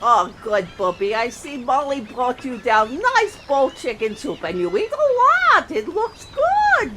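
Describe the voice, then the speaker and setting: A woman's voice: high voice, huge pitch swings, a little slow, very noisy, heavily acted. A woman voicing a fussing older woman who visits a sick relative, teasing in broken grammar and singing a comic parody on a radio show. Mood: doting, teasing. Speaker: radio host.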